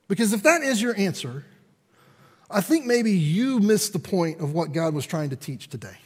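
A male pastor telling a story in a sermon, conversational and animated, acting out the dialogue. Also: high voice, moderate pace, breathy edge. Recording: long reverb of a large hall.

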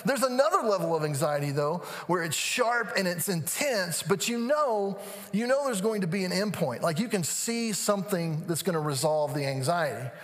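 Animated man preaching in a hall. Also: high voice. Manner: animated storytelling, acting out quotes, then slow and hushed. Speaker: pastor. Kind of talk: sermon. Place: church sanctuary.

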